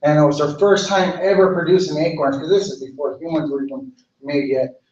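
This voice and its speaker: A man, a cultural director, telling a traditional story in a relaxed way, repeating phrases. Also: a little high, a little fast. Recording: echoey room, far mic, dull.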